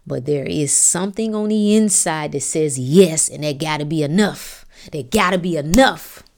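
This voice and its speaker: A woman's voice: sits low, normal speed, gravelly. Blunt preachy woman podcaster. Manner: preachy, blunt, profane, rising to fervent emphasis. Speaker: podcast host. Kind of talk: motivational monologue.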